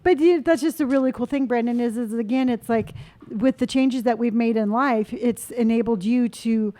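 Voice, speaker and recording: A middle-aged woman chats casually as a podcast co-host, her voice sitting a touch high but soft and mellow in tone. She talks in an encouraging, rambling way, full of fillers. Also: moderate pace.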